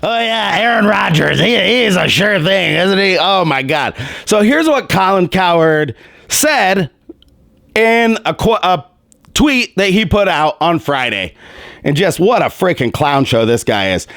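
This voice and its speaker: A man's voice: high voice, big pitch swings, unhurried, vocal fry, fairly bright tone, dry recording, studio quality. A man hosting a sports commentary show, ranting in a heated, mocking, profane way, his voice strained and worn.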